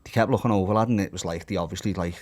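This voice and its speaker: Blunt, sweary lad, low voice. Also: male voice, very fast. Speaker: podcast host and fighter. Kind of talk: casual sporty banter. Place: indoor podcast studio.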